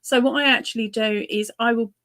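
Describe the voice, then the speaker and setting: A woman's voice: fairly high pitch, fairly even intonation, a little fast, fairly bright tone, no room sound. A woman chatting on a crochet livestream, friendly and explaining things step by step. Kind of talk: casual crochet livestream chat.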